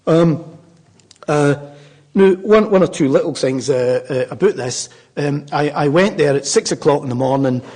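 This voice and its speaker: A man's voice: a little high, darkish tone, breathy edge. An older man with a Glaswegian Scottish accent, a Buddhist speaker telling a rambling, humorous story to a live audience.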